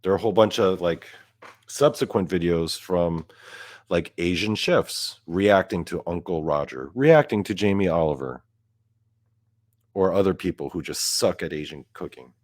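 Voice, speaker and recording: A young man with a deep, low voice delivers a profane comedic rant. He swears freely and his voice climbs when he gets worked up. The recording is close and dry, with no room sound. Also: animated, moderate pace, dry recording. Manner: profane, gets louder and higher when outraged. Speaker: podcast host. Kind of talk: ranting comedic monologue.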